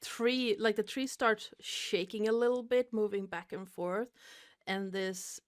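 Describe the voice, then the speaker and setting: A woman's voice: mid-range voice, steady tone, a little slow, dry recording, clean studio sound. A woman narrating a tabletop horror game as game master, hesitant and full of fillers.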